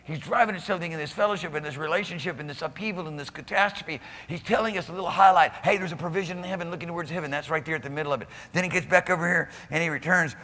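Male pastor, fervent sermon delivery with quiet-to-shouting swings; bright, high, reverberant church room. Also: rapid-fire, hardly any pauses. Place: church sanctuary.

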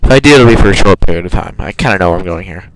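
A deep-voiced young man narrates his gameplay rapidly with lively intonation, over a rough recording with a little hiss or hum. He's chatty and rambling, correcting himself along the way.

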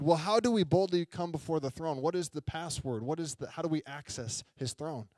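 Young guy preaching, kinda high voice, super dry close sound, chatty, keeps asking the crowd stuff. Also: fairly quick, few pauses, a little mellow, no echo. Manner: conversational storytelling, asks the congregation questions. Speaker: pastor. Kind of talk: sermon. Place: church sanctuary.

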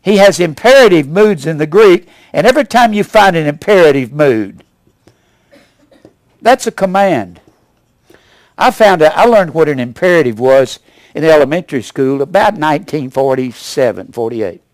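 A man in his seventies preaching a sermon as pastor, with emphatic rises and sudden low asides. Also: animated, moderate pace, dry recording. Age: 70s. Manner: emphatic preaching, rising to loud punches then dropping low.

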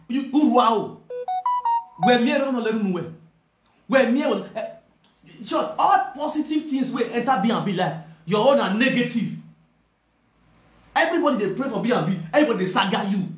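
With an extremely high pitch and reverberant sound, a man rants to camera in Nigerian Pidgin English. This online video presenter scolds someone head-on, hammering the same points in a confrontational manner.

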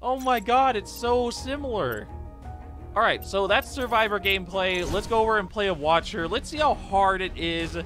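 A man giving excitable gameplay commentary, yelping, taunting and repeating phrases as he plays. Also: sits high, normal speed. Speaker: gaming YouTuber. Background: game music.

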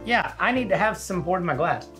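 A man's voice: sits high, expressive, fairly quick, over music. A man co-hosting a whiskey review, talking in a loose, joking way. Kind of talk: casual tasting chat.

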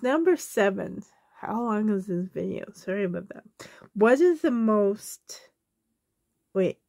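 Slow, giggly Canadian woman telling stories. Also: medium pitch, darkish tone, dry recording, studio quality. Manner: giggly, laughs through her stories; loose and rambling, many fillers. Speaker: vlogger answering a tag video. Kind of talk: casual storytelling.

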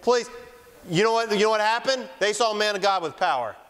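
A man preaching a fiery sermon in church, mocking opponents and shouting for emphasis. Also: high voice, fast talker, clear, resonant tone. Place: church sanctuary. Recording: long church hall reverb.

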